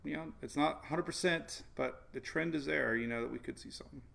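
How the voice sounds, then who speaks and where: A man with a gravelly, creaky voice chats loosely through a weather stream. He rambles, chuckles often and answers viewers by name as he works through the maps. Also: on the high side, fairly quick, a bit bright. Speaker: weather show host. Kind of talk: casual livestream weather talk.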